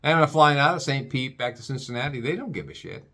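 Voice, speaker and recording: Lively, rambling, stammering man. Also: medium pitch, quick pace. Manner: stammering restarts, crude and profane. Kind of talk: rambling comic rant.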